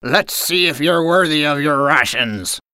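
A woman voicing a gruff grown male pirate captain in a storybook reading, with growling pirate talk. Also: deep voice, measured pace, bright, forceful tone, no room sound, clean studio sound.

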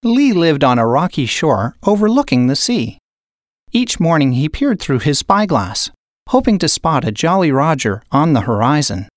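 A woman narrating a children's storybook aloud in a slow, expressive read-aloud manner. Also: low-pitched, no echo, clean studio sound.

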